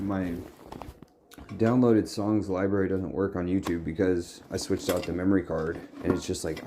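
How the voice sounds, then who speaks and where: Vlogging casually from his home workshop, a man rambles and mutters to himself while sorting and labeling things. His voice is low-pitched and creaky, and there's noise in the background.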